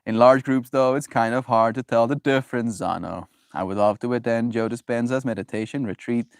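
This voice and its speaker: A man hosts a daily livestream, talking casually and reading viewer comments. He's energetic and pitches his voice up when performing reactions. He speaks fairly quickly, and the recording is dry with clean studio sound.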